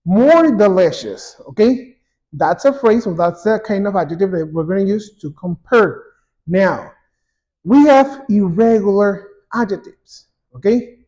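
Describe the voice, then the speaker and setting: A man teaching an English grammar lesson, saying example words twice, slowly and clearly. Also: sits high, a little mellow. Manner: slow and repetitive, drawing out example words.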